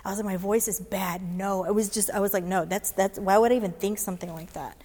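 A woman police chaplain speaks to an audience, earnest and heartfelt, slipping into the voices of the people in her story. Her voice sits at an ordinary middle pitch. A long hall reverb trails each phrase. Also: steady tone, quick pace, a little mellow. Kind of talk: inspirational storytelling speech.

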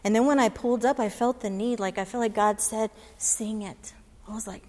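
A woman's voice: a little high, steady tone, brisk, a little mellow. A woman police chaplain giving an inspirational talk, telling a story earnestly and acting out the dialogue in it. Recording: long reverb of a large hall.

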